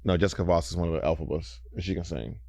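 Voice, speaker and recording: Lower-voiced man, quick chatty co-host. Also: vocal fry, a little mellow, no room sound. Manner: quick, chatty, self-correcting. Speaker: podcast co-host. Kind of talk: casual chat.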